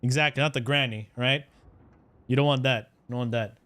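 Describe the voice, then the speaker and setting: A man's voice: medium pitch, steady tone, a little fast, fairly bright tone, no room sound. A man streaming a game, cracking crude jokes and rambling with repeated words. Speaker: gaming streamer. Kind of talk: live game commentary.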